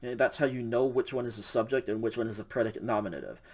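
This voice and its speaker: A man teaching a recorded university lecture in a casual way, with frequent ums and okays, who slows down to stress examples. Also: mid-range voice, steady tone, darkish tone. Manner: casual, many fillers like um and okay; spells out examples slowly and stresses key words. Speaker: university Greek instructor.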